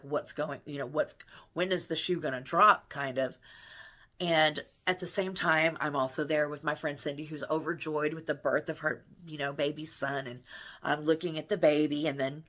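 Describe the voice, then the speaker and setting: A woman's voice: sits low, bright, forceful tone. A middle-aged woman vlogging from home, telling a personal story in an earnest, rambling way with many restarts. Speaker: spiritual vlogger and healer.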